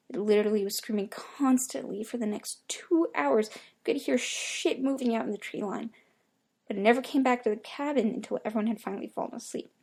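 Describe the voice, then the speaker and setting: A woman's voice: medium pitch, dark tone. A young woman narrating a creepypasta horror story in a casual, profanity-laden storytelling manner. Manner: casual storytelling with heavy swearing. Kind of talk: creepypasta reading.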